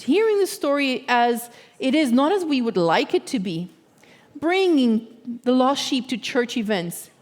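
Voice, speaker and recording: A woman giving a sermon as a guest speaker in a church, talking in an earnest, measured way and often checking in with her listeners. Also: on the high side, a little mellow, big-room sound. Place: church sanctuary.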